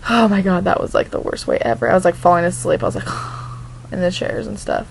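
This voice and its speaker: A young woman from Oregon telling a story in a casual vlog, her voice sitting on a steady vocal fry. She rambles, fills nearly every phrase with "like," and often stops to restart her sentences. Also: fairly low pitch, quick pace, slight background noise, poor audio. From Oregon, USA. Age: young adult. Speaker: vlogger.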